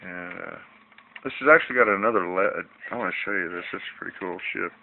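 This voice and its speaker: Deep gravelly man, tinny audio. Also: fast talker, slight background noise. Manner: rambling, folksy, easily irritated. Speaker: hobbyist showing a fish tank project. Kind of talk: casual home video walkthrough. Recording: tinny lo-fi home camera audio.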